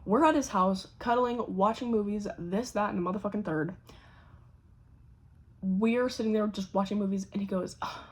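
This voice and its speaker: A young woman with a husky, slightly breathy voice tells a story to her camera in a loose, chatty way. She is animated, swears freely and slips into quick impressions of the people in her tale. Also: medium pitch. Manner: animated, swears a lot, acts out quoted voices. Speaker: vlogger. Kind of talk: casual storytelling.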